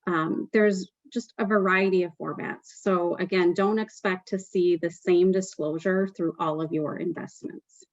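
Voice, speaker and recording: A woman's voice: lowish voice, steady tone, unhurried, few pauses, no echo, highs cut off. A woman presenting a tax webinar, explaining step by step with frequent "um" fillers.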